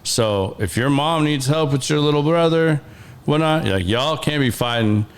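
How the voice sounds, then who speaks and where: A man's voice: on the high side, normal speed, clean tone. A man hosting a podcast, chatting casually and chiming in with short reactions. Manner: relaxed, chimes in with short reactions. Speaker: podcast host. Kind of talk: casual chat.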